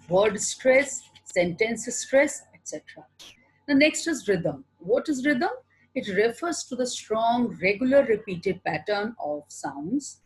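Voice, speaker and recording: A woman with an Indian English accent giving a recorded online lecture, explaining slowly and answering her own questions as a teacher. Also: medium pitch, breathy edge, low-quality recording.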